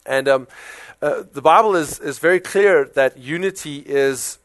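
A pastor with a South African accent delivers a sermon in a conversational, animated style packed with rhetorical questions. His voice sits a little high and moves a little slowly, and the recording is dry.

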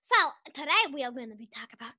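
A woman's voice: fairly high pitch, racing, pushed and bright, husky. A woman hosting a podcast, telling a rambling story in a casual, giggly way, full of "like" and restarts. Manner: giggly, restarts often, lots of "like". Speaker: podcast host.

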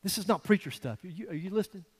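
A male pastor giving a conversational, animated sermon with folksy asides to the congregation. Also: high-pitched, very fast, breathy edge, in a large hall.

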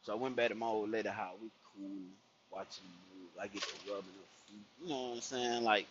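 A man's voice: lowish voice, steady tone, a little fast, background noise. A man telling a personal story in casual, profane street slang, acting out the people he quotes. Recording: dull lo-fi recording.

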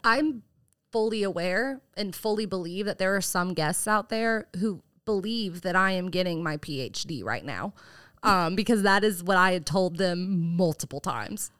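Lively young woman. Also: on the low side, dry recording, clean studio sound. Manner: animated, acts out customers with quick voice switches. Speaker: podcast co-host. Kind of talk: casual chat.

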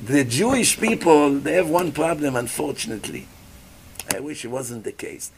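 Male rabbi, lively preacher, slightly higher voice, turns to the room with questions. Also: normal speed, slight background noise. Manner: animated preacher, acts out voices, asks the audience questions. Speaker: rabbi giving a Torah class. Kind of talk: sermon.

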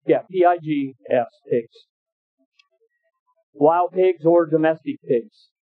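A man's voice: a little high, no room sound. A male pastor preaching a sermon in a folksy, anecdotal way, often restarting phrases. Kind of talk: sermon with storytelling. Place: church. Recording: tinny phone-like dry sound.

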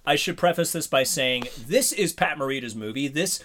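A man co-hosting a casual movie podcast, animated and prone to loud laughing rants. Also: a little high, normal speed, slight background noise. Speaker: podcast co-host. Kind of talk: casual movie recap chat.

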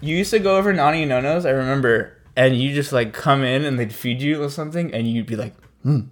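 A man's voice: mid-range voice, fast. A young man co-hosting a podcast, chatting casually in a crude, rambling way, swearing often and laughing at his own stories. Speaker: podcast co-host.

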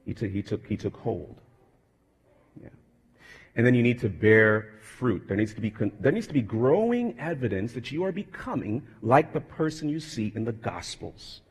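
A male pastor preaching a sermon, moving from conversational talk to fervent, loud emphasis. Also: mid-range voice, very animated, moderate pace, slightly rough. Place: church sanctuary. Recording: church hall reverb.

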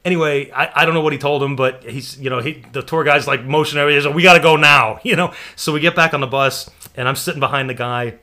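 An American man telling a long story in casual chat, animated and laughing, with some swearing. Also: medium pitch, fast talker, few pauses. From United States.

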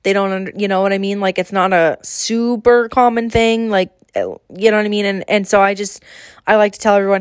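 A woman chats loosely with her co-host, swinging into exasperated asides as she recounts a story. Her voice sits at a middling pitch and sounds close and dry, with no room behind it. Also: fairly even intonation, fairly quick, clean tone, no room sound. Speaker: podcast co-host. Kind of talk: casual chat.

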